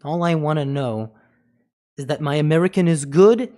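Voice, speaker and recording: A man's voice: a little high, moderate pace, warm tone. A man streaming live, chatting casually, swearing often, joking and breaking into mock foreign phrases. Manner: laughs often between lines. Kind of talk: casual livestream chat.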